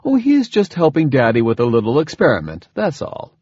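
A man voicing a calm, dryly mocking scientist father in an audiobook. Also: medium pitch, a little fast, no echo, dull audio, pitched above the performer's own voice. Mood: gentle, explaining. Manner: dry, smooth, faintly mocking.

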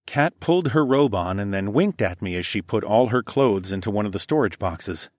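A man with a fairly low voice reading a first-person audiobook, steady and measured in his storytelling. The sound is close and dry, with no room around it. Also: no echo. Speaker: audiobook narrator. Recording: dry close studio recording.

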